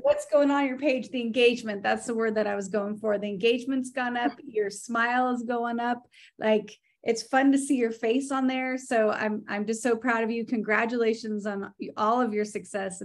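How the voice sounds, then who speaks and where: A woman hosting a relaxed team call, her voice sitting a little higher than most. She talks in a gushing, chatty rush, full of praise and fillers like "right?" and "like". It is casual, friendly video-call talk. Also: moderate pace.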